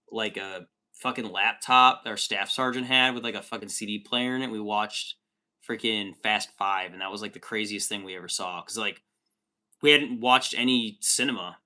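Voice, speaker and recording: A man's voice: lowish voice, fairly even intonation, moderate pace, sharp tone. A man in his thirties hosting a livestream, chatting casually and swearing often while reading out chat comments. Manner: profane, rambling, says dude a lot.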